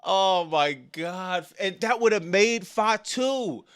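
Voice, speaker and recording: Animated man with a bright, forceful voice. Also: slow, clean tone. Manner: animated, swinging between loud excited outbursts and low frustrated mutters; casual slang, often ending lines with "dog" or "bro". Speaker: streamer hosting a live wrestling reaction show. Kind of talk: live-stream reaction commentary, reading chat.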